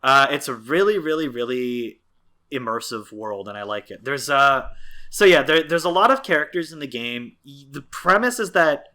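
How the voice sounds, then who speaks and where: A man co-hosting a podcast in an easy, casual way, his voice bright and forward. He rambles, circles back and fills gaps with filler words as he explains. Mid-range pitch. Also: lively intonation, moderate pace. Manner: rambling, many fillers and restarts. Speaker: podcast co-host. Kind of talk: casual chat.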